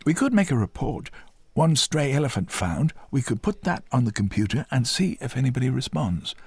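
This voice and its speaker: A man voicing a brisk, chatty male desk sergeant in a storybook reading. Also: mid-range voice, very animated, vocal fry, breathy edge, dry recording, pitched above the performer's own voice, full character voice. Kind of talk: storybook voice acting.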